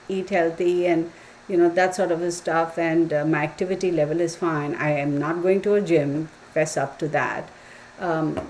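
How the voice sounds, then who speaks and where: A woman's voice: fairly low pitch, darkish tone, slight background noise, low-quality recording. A woman, rambling along in casual chat with the viewers of her live stream and saying y'all. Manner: chatty, rambling, says y'all.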